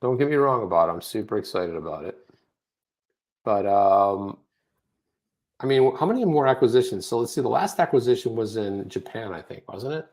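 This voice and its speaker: A man's voice: lowish voice, expressive, moderate pace, darkish tone. A man co-hosting a casual livestream, rambling and joking at his own expense. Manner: rambling, jokey, self-deprecating. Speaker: co-host. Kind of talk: casual crypto livestream chat.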